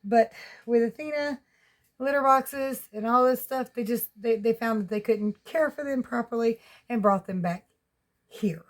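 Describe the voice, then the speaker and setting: A woman's voice: on the high side, measured pace. A woman with a Southern US accent rambling in a casual, folksy home vlog, often laughing. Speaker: vlogger. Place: at home with pets.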